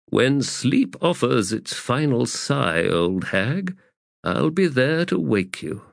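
A man playing a defiant young warrior in an audiobook, earnest and firm. He speaks slowly with a lively pitch, and the sound is dry. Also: gravelly, dry recording, exaggerated voice.

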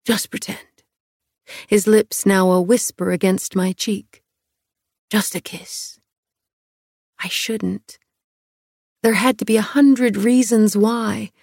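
A young woman reading a first-person romance novel aloud, softening her voice at the intimate moments. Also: mid-range voice, gravelly, dry recording, clean studio sound. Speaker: audiobook narrator.

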